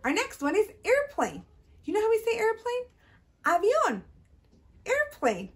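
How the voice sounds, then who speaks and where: Moving between Spanish and English, a woman leads a storytime for little kids as a children's librarian. Her delivery is sing-song and exaggerated, in a very high voice with big pitch swings and a slightly fast pace.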